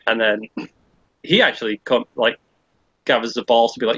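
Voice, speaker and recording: Male podcast co-host, husky dry voice, rambling sweary storyteller. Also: medium pitch, normal speed, fairly bright tone, no room sound, muffled recording. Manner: rambling anecdote with swearing and impressions. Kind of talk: casual storytelling chat.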